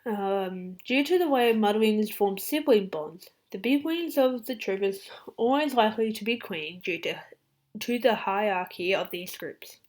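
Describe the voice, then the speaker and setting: A woman's voice: medium pitch, a little slow. Aussie woman doing a fan facts vlog, chatty and hyper, medium voice, whispers bits here and there. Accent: Australian. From Australia. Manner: chatty and excitable, drops into whispered asides. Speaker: fan channel host. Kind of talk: casual fact-reading vlog.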